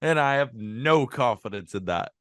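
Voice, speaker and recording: A man co-hosting a casual sports podcast, chatty and quick to laugh, on a close mic. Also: medium pitch, clear, resonant tone, no echo. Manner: animated, laughs often, chatty. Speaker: podcast co-host.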